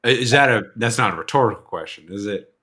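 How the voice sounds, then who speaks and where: Deep, bright-toned man playing along. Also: expressive, quick pace. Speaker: player. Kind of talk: casual tabletop play.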